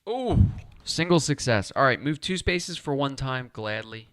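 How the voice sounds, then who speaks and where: A man's voice: mid-range voice, lively intonation, unhurried, clear, resonant tone, no room sound, clean studio sound. A man talking himself through a solo board game playthrough, chatty and upbeat as he explains each move.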